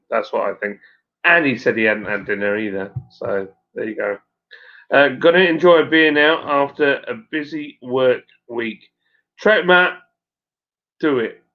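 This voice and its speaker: A man with a broad Suffolk accent chats away on a home live stream, matey and rambling, with lots of ums and uhs. His voice sits in an ordinary middle pitch. The recording is dull and lo-fi. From Suffolk, England. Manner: rambling and matey, with many fillers. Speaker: stream host and brewer. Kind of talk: casual live-stream chat reading viewer comments. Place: at home by the fire. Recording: dull lo-fi sound.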